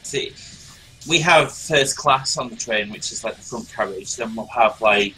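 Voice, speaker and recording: A man tells a long story in a loose, rambling way, often repeating words. His voice is bright and forceful, and faint music plays behind him. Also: mid-range voice, a little slow, poor audio. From Britain. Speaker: stream host. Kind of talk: casual storytelling chat. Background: faint background music.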